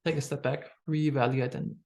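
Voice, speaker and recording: A man with a German accent and a husky voice, a startup founder giving a candid masterclass talk full of personal stories, with frequent fillers and restarts. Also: medium pitch, steady tone, moderate pace, darkish tone.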